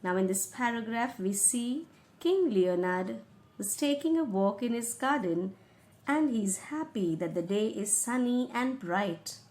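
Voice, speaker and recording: A woman's voice: fairly high pitch, a little mellow. A woman teacher, patiently reading a school play aloud and explaining each passage in simple words.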